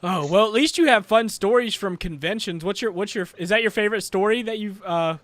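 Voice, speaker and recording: Bright, dry-voiced male podcast host. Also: high-pitched, brisk, no echo. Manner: laid-back, storytelling with laughs. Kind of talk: casual interview chat.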